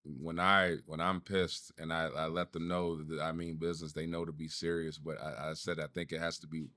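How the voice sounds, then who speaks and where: Guy in his 30s on a podcast, cussing through a story about his kids, voice gets higher when he's fired up. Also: little pitch movement, a little fast, pushed and bright, no echo, studio quality. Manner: storytelling, swearing freely, voice rising as he gets worked up. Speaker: podcast co-host. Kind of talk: casual chat.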